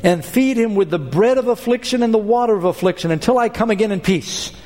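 A man's voice: sits high, expressive, brisk, a little mellow, voice pushed up. A man preaching who voices an irritated king, scornful and commanding. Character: irritated, dismissive male king. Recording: long hall reverb.

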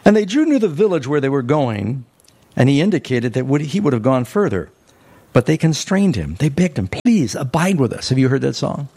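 Gravelly-voiced man preaching animatedly. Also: medium pitch, fairly quick. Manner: animated storytelling, rising sharply for emphasis. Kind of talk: sermon.

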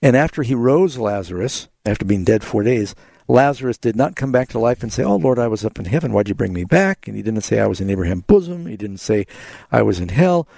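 A man's voice: lowish voice, expressive, fairly quick, gravelly, warm tone, no room sound. A man hosting a call-in radio show, earnestly explaining Bible passages to callers. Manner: earnest, explanatory, quotes scripture. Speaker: radio Bible talk host.

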